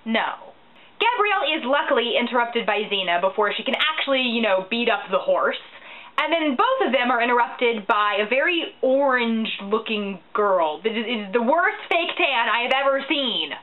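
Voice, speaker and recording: Sarcastic woman with a lively voice. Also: on the high side, normal speed. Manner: sarcastic, wry asides. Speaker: recap vlogger. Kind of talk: comic episode recap. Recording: tinny, phone-like sound.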